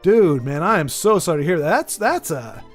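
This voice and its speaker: An American man talks casually to his stream audience, starting sentences over and wandering between topics. His voice sits a touch higher than most men's. Faint music plays in the background. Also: sing-song, moderate pace. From United States. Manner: rambling, many restarts, sympathetic. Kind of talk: casual chat with viewers.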